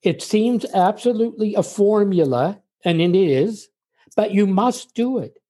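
An older man from the United States talks as a guest in a relaxed interview. His voice is warm and mellow rather than bright. He explains at a measured pace and leans on little anecdotes to make his point. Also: sits high. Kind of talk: conversational interview storytelling.

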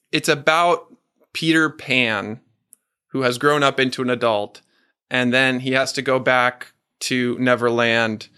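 Earnest man giving a faith talk. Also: mid-range voice. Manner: earnest, slows and softens for quoted words. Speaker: men's ministry coach. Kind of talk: reflective faith talk to a group.

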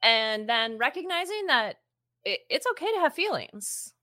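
A woman co-hosting a parenting podcast, talking in an expressive, emphatic, casual way. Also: on the high side, moderate pace, no echo, studio quality. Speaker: podcast co-host. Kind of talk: casual conversational podcast talk.

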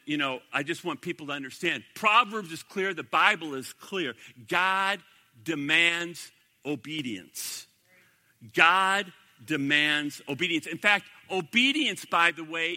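A man's voice: fairly high pitch, pushed and bright, big-room sound. A man preaching a sermon as pastor, emphatic and repeating his key phrases.

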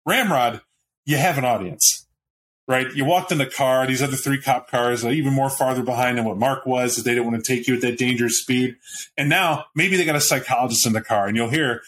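A man's voice: mid-range voice, brisk, fairly bright tone, slight background noise. A man narrating a tabletop role-playing game as game master, in a casual, rambling way.

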